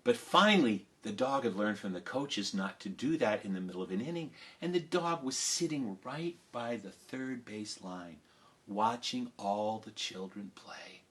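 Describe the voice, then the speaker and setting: A man telling a story to children live, animated, swinging between loud cheering and hushed asides. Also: lowish voice, measured pace.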